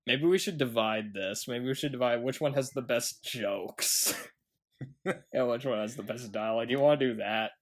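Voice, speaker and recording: A man's voice: mid-range voice, normal speed. A man co-hosting a movie podcast in casual chat, laughing often and quoting film lines. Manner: laughs often, quotes lines, loose and rambling. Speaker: podcast co-host.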